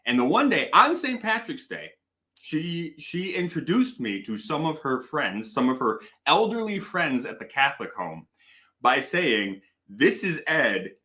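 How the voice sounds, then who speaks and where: A man's voice: a little high, very animated, a little slow, sharp tone. A man hosting a casual live stream, playful and rambling, telling stories in a mock-serious way. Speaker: host.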